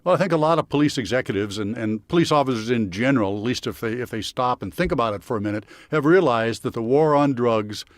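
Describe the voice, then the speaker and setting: Older guy, sheriff on a podcast, calm and even, mid pitch, dry close mic. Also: fast, hardly any pauses, no room sound. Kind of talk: podcast interview. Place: studio.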